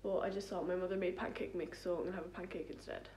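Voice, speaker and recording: Filming a vlog at home on her phone camera, a young woman chats casually and rambles with self-deprecating humor. Her voice is fairly low and steady, she talks fast, and the recording is very noisy.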